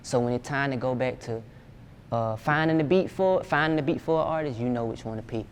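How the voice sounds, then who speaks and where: In this interview, a young music producer from Georgia talks loosely, peppering his speech with slang and profanity. His pitch is medium and his delivery brisk, with a little hiss or hum in the recording.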